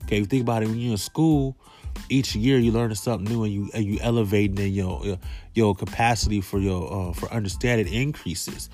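Man comedian, low voice, rambling slangy riffs, faint music behind. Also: steady tone, a little fast, a little mellow. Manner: loose, rambling slangy riffing. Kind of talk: comedic monologue vlog.

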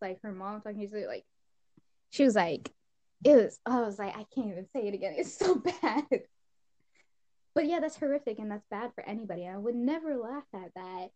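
Teenage girl, casual podcast chat, giggly storyteller, slightly high voice. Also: dark tone, dull audio. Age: teens. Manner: giggly storytelling, bursts into laughter. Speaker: podcast co-host.

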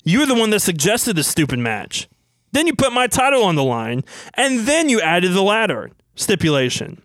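A man's voice: high-pitched, very animated, moderate pace, fairly bright tone, no room sound. A man putting on the voice of an angry male wrestler accusing his partner. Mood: bitter. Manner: bitter, accusing.

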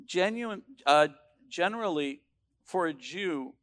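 Emphatic preacher man, fairly high voice. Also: animated, slow. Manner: emphatic, building to loud declarations with frequent restarts. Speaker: pastor. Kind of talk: sermon.

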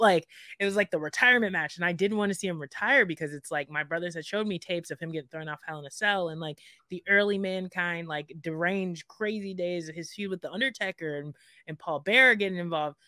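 A podcast guest telling rambling, emotional stories in casual chat. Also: male voice, on the high side, bright, forceful tone, no room sound, clean studio sound. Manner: emotional, rambling storyteller with many fillers.

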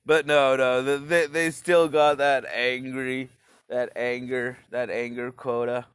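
A man riffs through a crude, rambling comedy rant, swearing freely. He talks slowly in a smooth, clear voice. The sound is close and dry. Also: mid-range voice, level tone, dry recording. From Canada.

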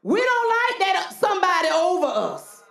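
A woman preacher delivering a folksy, animated sermon with call-and-response, in a church. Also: very high-pitched, normal speed, gravelly. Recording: roomy church hall echo.

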